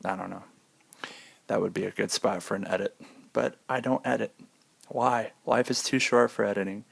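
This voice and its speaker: Gravelly low-voiced man rambling to camera. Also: fairly even intonation, normal speed, no room sound. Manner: rambling, goes off on tangents, jokey. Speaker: vlogger. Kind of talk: casual rambling monologue.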